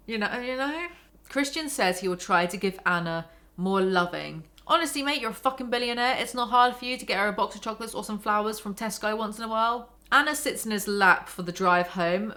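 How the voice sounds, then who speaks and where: A young woman with a bright, forceful voice. She reads a novel aloud and tears into it with dry sarcasm and frank swearing. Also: mid-range voice. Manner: sarcastic, exasperated, swears freely. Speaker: book commentary vlogger. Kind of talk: sarcastic book commentary with read-aloud excerpts.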